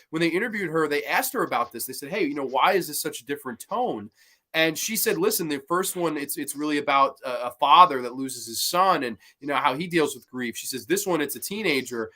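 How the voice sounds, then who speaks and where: A man hosting a podcast, casually reviewing horror movies in an animated way, swearing freely and laughing as he retells scenes. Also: on the high side. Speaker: podcast host.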